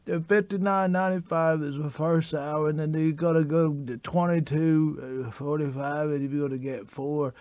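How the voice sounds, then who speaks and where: A man playing a sleazy lawyer calling in with a rambling, jumbled sales pitch. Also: flat delivery, normal speed, hardly any pauses, a little mellow, no echo, natural voice. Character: fast-talking sleazy male lawyer on the phone. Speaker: caller.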